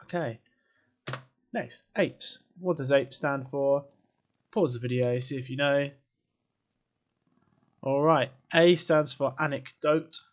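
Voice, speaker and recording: A man explains writing techniques as an English teacher, in a relaxed, chatty way. He keeps quizzing the listener and drops in offhand asides. His voice sits at an everyday middle pitch. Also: takes it slowly, long pauses. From England. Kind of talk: classroom lesson video.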